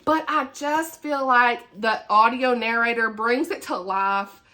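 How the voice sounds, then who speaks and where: A woman's voice: fairly high pitch, measured pace, bright, forceful tone. A woman with a Southern US accent chatting casually as a book vlogger, laughing often and dropping folksy asides. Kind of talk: casual chat.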